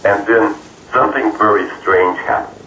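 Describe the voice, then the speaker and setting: A man being interviewed, telling a personal story in an earnest, halting way with many fillers. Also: on the low side, sharp tone. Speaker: interview guest. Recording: roomy, distant mic, faint noise.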